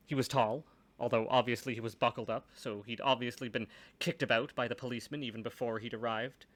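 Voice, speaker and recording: A man's voice: medium pitch, steady tone, fast, a bit bright. Man reading a dry first-person story. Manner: dry, wry asides.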